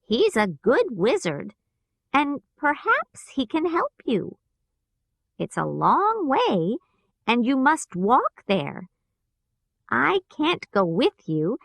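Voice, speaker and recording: Woman doing a kind good witch, storybook, American accent, slow soothing lines, lively pitch. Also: no echo, exaggerated voice.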